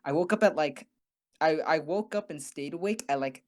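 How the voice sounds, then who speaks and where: A young man co-hosting a podcast, telling a story in a rambling, animated way with many restarts and some swearing. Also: a little high, normal speed. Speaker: podcast co-host. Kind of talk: casual storytelling.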